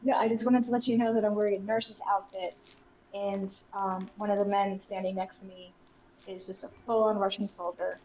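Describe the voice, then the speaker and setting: A woman's voice: medium pitch, flat delivery, fairly quick, dark tone. A woman playing a tabletop game over a voice call, speaking tentatively with fillers. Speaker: player. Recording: muffled voice-call audio with faint hiss.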